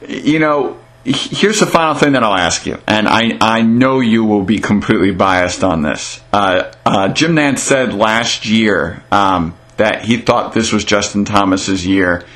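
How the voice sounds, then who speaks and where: A man interviewing a guest in a casual chat, halting and filling pauses with many hesitations. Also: lowish voice, fairly bright tone. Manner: halting, heavy on filler sounds.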